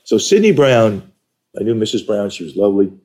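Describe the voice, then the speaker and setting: Older man from New York, animated storyteller. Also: on the low side, fairly quick. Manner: animated, emphatic storyteller who acts out quoted dialogue. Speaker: interview guest. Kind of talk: conversational storytelling.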